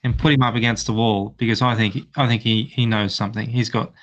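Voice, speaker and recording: A man playing a tabletop game, forcefully describing his character's actions. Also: lowish voice, steady tone, fast, dull audio, a little hiss or hum. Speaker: player. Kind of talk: tabletop game role-play.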